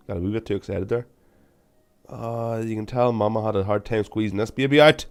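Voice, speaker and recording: A young man giving casual, self-mocking game commentary, with sudden loud bursts of excitement. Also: medium pitch, slow, long pauses. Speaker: gaming channel host.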